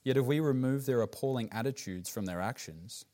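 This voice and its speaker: A pastor with an Australian accent preaches at a slightly fast pace in a mellow voice. His delivery is earnest and emphatic, sinking low on the grave words.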